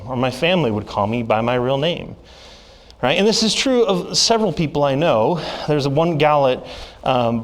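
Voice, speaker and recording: Young man preaching with lively storytelling. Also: mid-range voice. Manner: storytelling with lively acted quotes. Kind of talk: sermon. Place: church.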